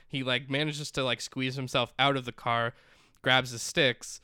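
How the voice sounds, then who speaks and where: Guy chatting casually, bright crisp voice, dry close sound, lots of "like". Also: medium pitch, a little slow, no room sound. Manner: animated retelling full of "like". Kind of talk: casual chat.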